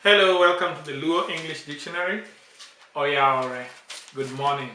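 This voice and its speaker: A man's voice: on the high side, moderate pace, sharp tone, echoey room. A man teaching a language lesson in a casual way, coaching and correcting pronunciation with emphatic repeats.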